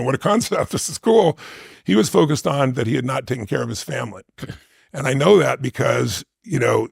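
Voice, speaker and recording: A middle-aged man with a gravelly voice, giving an emphatic conversational interview answer that often checks in with "right?". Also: mid-range voice, no echo, studio quality. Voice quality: gravelly, husky. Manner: emphatic, conversational with frequent "right?" tag questions. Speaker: interview guest.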